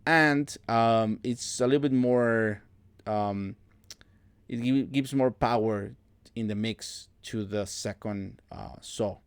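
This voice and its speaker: Guy with a lowish clear voice, explaining synth pads, lots of uhs, dry close mic. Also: dry recording. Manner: relaxed, halting, many fillers and restarts. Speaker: music producer tutorial host. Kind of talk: casual screen-recorded production walkthrough.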